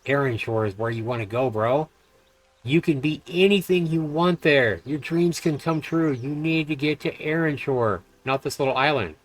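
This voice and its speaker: A man voicing a laid-back male islander in a video game, talking slowly and dreamily. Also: on the high side, pitched above the performer's own voice, lightly acted, low-quality recording. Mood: dreamy.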